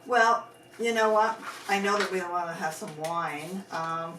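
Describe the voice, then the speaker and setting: Brief: mid-pitched woman co-host, lively and chatty, distant mic with faint noise. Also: a little slow, echoey room. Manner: lively, warmly chatty, jumps pitch when quoting people. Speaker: podcast co-host. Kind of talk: casual chat.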